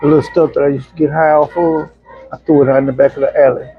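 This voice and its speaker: A middle-aged man, an interview guest telling personal stories in a casual, animated way and acting out other people's voices. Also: a little high, fast talker, husky, no room sound, faint music behind. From Arkansas, USA. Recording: dull, muffled lo-fi sound.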